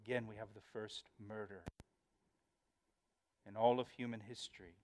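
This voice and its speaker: A man's voice: on the low side, steady tone, moderate pace, a little mellow. A male pastor giving a verse-by-verse Bible study, earnest and emphatic, often repeating words as he explains.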